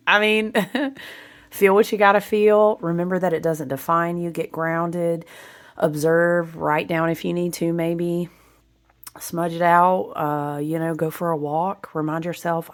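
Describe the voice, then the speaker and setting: A woman with a low, gravelly voice chats through a spiritual card reading. She drifts between reading card text aloud and loose asides to her viewers, laughing easily. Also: fairly even intonation, measured pace. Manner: warm, chatty, laughs often, reads card text aloud. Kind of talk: casual oracle card reading.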